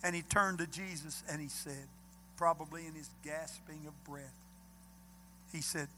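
A man preaching a sermon in a church, swinging from loud to hushed. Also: a little high, fairly even intonation, unhurried, faint music behind. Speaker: pastor. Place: church sanctuary.

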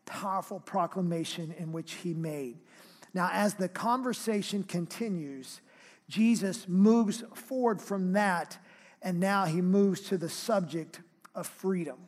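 A man preaching a sermon, reading scripture aloud with emphatic, drawn-out phrasing. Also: high voice, in a large hall. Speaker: pastor.

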